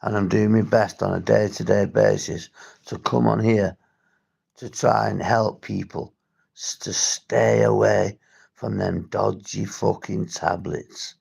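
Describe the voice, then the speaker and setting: Gravelly, sweary man from St Helens. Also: lowish voice, flat delivery, unhurried, a little mellow. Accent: St Helens, Merseyside. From St Helens, England. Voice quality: gravelly, husky. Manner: blunt, sweary, rambling with restarts. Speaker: recovery vlogger. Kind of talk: livestream talk to viewers.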